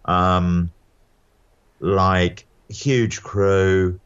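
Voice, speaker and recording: A man's voice: low voice, steady tone, extremely slow, fairly bright tone, smooth, dry recording, dull audio. A male actor guest chatting casually, rambling and self-deprecating with plenty of fillers and laughs. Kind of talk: casual anecdotal chat.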